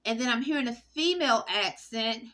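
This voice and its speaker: A woman talking straight to camera in a rambling, halting monologue full of fillers and restarts. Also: on the high side, expressive, sharp tone. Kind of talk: casual spoken monologue.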